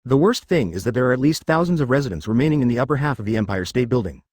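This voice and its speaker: A man's voice: mid-range voice, expressive, very fast, darkish tone, no echo, clean studio sound. A man reading a web novel aloud as narrator, dramatic with stiff translated phrasing.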